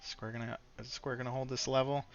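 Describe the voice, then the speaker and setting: A man's voice: mid-range voice, little pitch movement, brisk, muffled recording, over music. A man recapping his day of trading in a casual, frustrated rant, swearing and restarting his sentences often.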